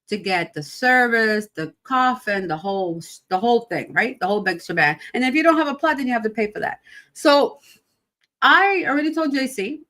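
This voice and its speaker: A woman's voice: fairly high pitch, a bit bright. A woman in her fifties hosting a podcast, talking casually about grief in a rambling, emphatic way full of rhetorical questions. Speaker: podcast host.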